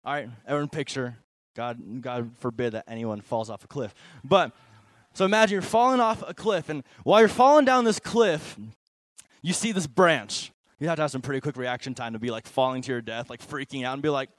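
A young man preaching to middle schoolers as a junior high pastor, conversational and animated, swinging between loud emphasis and quiet asides. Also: brisk, no echo.

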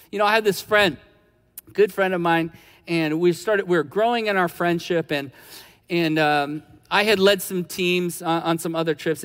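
A man's voice: a little high, fairly bright tone. A man preaching a sermon in a conversational, storytelling way. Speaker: pastor. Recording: long hall reverb.

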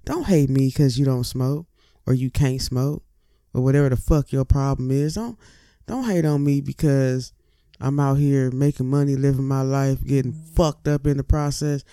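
A man in casual, profane, rambling talk to camera, speaking with lively asides. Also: mid-range voice, normal speed, clear, resonant tone, dry recording, studio quality. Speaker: cannabis vlogger.

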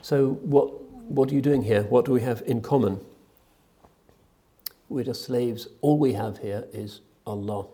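A man voicing a humble elderly male sufi sheikh who speaks in a gently chiding, self-effacing way. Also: mid-range voice, a little slow, natural voice.

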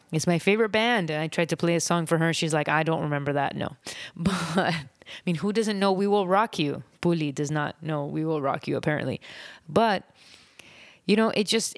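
A low-voiced woman hosts her own podcast, giving an unedited, reflective monologue. She rambles gently, with soft laughs and pauses, and the recording sounds close and dry.

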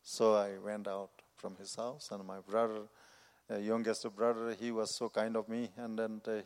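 Missionary preacher, man, earnest halting testimony, mid pitch, echoing hall. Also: a little mellow. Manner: earnest, halting non-native phrasing. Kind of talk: personal testimony. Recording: long reverb of a large hall.

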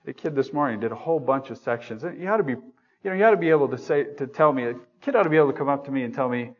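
A man's voice: a little high, animated, fast, vocal fry, dull audio. A man preaching a sermon in a church room, talking conversationally, asking the congregation questions and joking at his own expense. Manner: self-deprecating humor.

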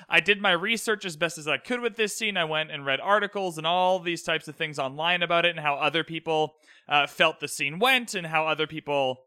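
A young man hosting a solo recap podcast, talking alone in a room, animated and earnest as he retells scenes. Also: fairly high pitch, clean tone, no echo, clean studio sound. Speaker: podcast host.

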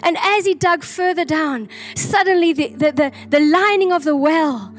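A woman's voice: high voice, normal speed. A woman earnestly sharing a prophetic vision as a flowing, repetitive story. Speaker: prophetic speaker.

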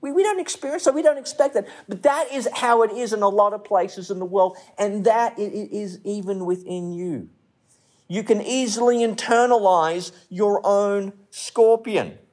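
The sermon comes from a man whose voice is high-pitched and darkish, delivered at normal speed. It's conversational in style, with repeated phrases, sentences restarted midstream, and stories and jokes told lightly.

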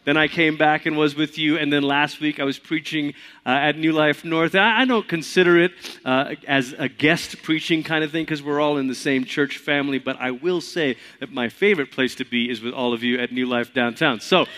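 A man's voice: on the high side, fairly even intonation, brisk, sharp tone. A male pastor opening a sermon in a church, speaking in a friendly, chatty, conversational way. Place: church sanctuary.

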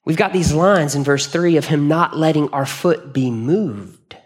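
Male pastor, sermon delivery, earnest and conversational, slightly higher voice. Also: measured pace. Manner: conversational, earnest, with frequent restarts. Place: church hall.

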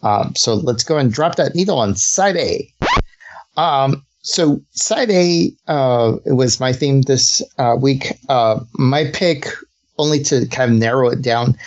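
A man's voice: mid-range voice, takes it slowly, darkish tone. A young adult man hosting a casual podcast, rambling with many fillers and laughing often. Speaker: podcast host. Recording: dull lo-fi sound with faint hiss.

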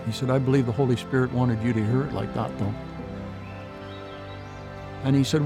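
A man's voice: medium pitch, fairly even intonation, normal speed, long pauses, over music. A man giving an earnest personal testimony in an interview, retelling past conversations with many "I said" tags. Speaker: guest sharing his faith story.

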